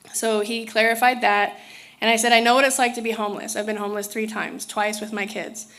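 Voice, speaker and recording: A woman's voice: on the high side, a bit bright. A woman telling a personal story in a casual, rambling way, often restarting her sentences. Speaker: spiritual speaker.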